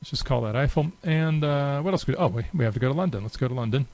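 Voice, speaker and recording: A man narrating a software walkthrough in an easy, unscripted way. His voice sits in an ordinary middle pitch, and he pauses often with fillers as he clicks around. He keeps a relaxed, conversational tone throughout. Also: poor audio. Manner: casual and unhurried, many filler pauses. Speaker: software demo presenter. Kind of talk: unscripted screen-share walkthrough.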